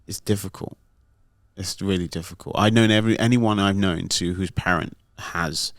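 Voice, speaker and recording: A middle-aged man with a slightly low voice chats loosely, wandering through stories with lots of fillers. The sound is dry and close, with no room around it. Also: dry recording. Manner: rambling, storytelling with many fillers. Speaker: podcast host. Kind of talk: casual podcast chat.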